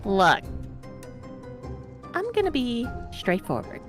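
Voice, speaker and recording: A woman's voice: a little high, huge pitch swings, slow pace, faint music behind. A woman playing a tabletop game, firmly questioning another character with dry teasing. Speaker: player.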